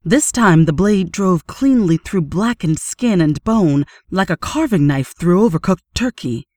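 Measured woman narrating, low and dry. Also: no echo. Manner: steady, measured reading. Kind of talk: audiobook narration.

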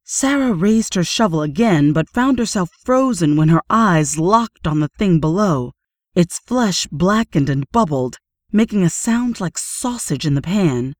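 A woman reading a horror story aloud in steady, measured audiobook narration. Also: on the low side, no room sound, studio quality.

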